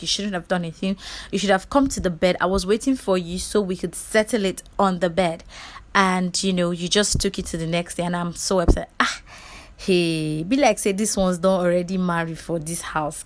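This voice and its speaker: A woman, recapping a reality show in a rambling, chatty vlog style, full of "like" and "um". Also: lowish voice.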